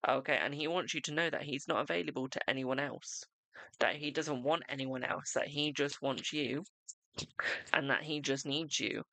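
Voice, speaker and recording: A man's voice: mid-range voice, gravelly, pushed and bright, no echo. A young man hosting a live-streamed tarot reading, reassuring and repetitive, calling the viewer "my darling" and checking in with "okay?".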